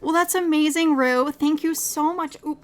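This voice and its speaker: A young woman hosting a casual live podcast, effusive and quick to laugh as she asks her guests questions. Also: high voice, steady tone, crowd noise. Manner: warm, effusive, laughs often. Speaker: podcast host.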